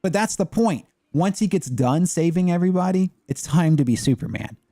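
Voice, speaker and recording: A man's voice: sits high, expressive, brisk, mellow, dry recording, clean studio sound, faint music behind. A man chatting casually as a gaming streamer, rambling and opinionated with lots of fillers. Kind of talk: casual chat.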